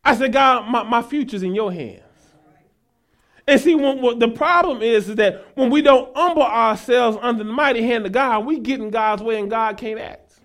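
A male pastor preaching a sermon, mixing folksy asides to the congregation with rising, shouted exhortation. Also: very high-pitched, moderate pace. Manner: folksy, talks to the congregation as y'all.

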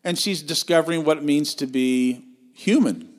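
Eager, stammering man, fairly high voice. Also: moderate pace. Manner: enthusiastic, stammers and restarts often. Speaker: film podcast co-host. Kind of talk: casual film review chat.

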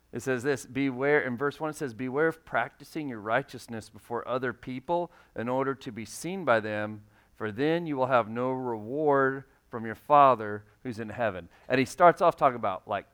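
A man's voice: mid-range voice, moderate pace, fairly bright tone. Man preaching a conversational sermon. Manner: conversational, acts out quoted voices. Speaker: pastor.

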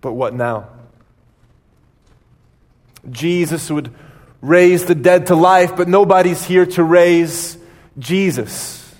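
A male pastor preaching a sermon, retelling a story dramatically with pauses. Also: high-pitched, darkish tone, long reverb tail.

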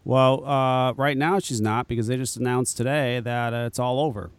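A man chatting casually on a podcast, animated and profane, telling stories with many restarts. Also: mid-range voice, moderate pace, smooth, no room sound. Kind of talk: casual chat.

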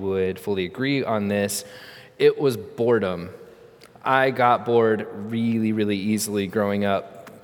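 A middle-aged man preaching a sermon, telling a funny childhood story with animation and then teaching earnestly. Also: mid-range voice. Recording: long reverb of a large hall.

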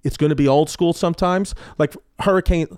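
A comedian guest telling stories in casual chat, animated and profane, acting out quotes. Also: male voice, fairly high pitch, fairly quick, clear, resonant tone, no echo, studio quality. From New York. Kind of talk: casual storytelling.

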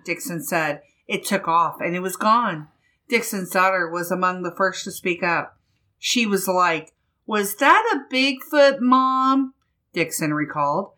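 A woman's voice: medium pitch, sharp tone. A woman co-hosting a podcast, reading a news article aloud and laughing with her co-hosts. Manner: reads aloud slowly, breaks into laughter. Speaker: co-host reading a news story. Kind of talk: casual podcast banter.

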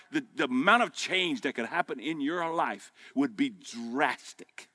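A man preaches to a room of men in a folksy, emphatic style. His voice is bright and forceful, and it climbs to loud, high peaks before dropping back to close, quiet appeals. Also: expressive, unhurried, hardly any pauses. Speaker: pastor. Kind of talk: sermon. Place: men's breakfast gathering hall.

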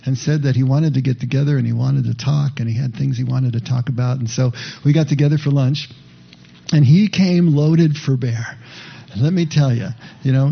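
A man's voice: mid-range voice, vocal fry, husky, dull audio. A middle-aged male pastor giving a sermon in a conversational, reflective storytelling manner, speaking directly to the congregation.

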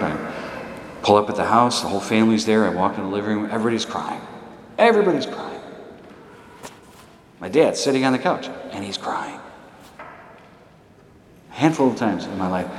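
Male priest, mid-pitched voice, emphatic preaching style, long hall echo with faint room noise. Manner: emphatic, repeats short exhortations. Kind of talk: sermon. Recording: echoey hall reverb.

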